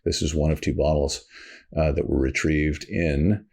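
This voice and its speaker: A man's voice: very deep voice, steady tone, normal speed, gravelly, darkish tone, slightly rough. A man from Canada hosting a casual podcast, telling rambling stories full of fillers. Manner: rambling storyteller with many fillers. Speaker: podcast host. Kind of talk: casual chat.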